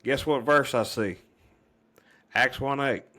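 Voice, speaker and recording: A man's voice: mid-range voice, slow, sharp tone. A middle-aged man, a podcast guest earnestly telling a long personal story, rambling with many fillers and restarts.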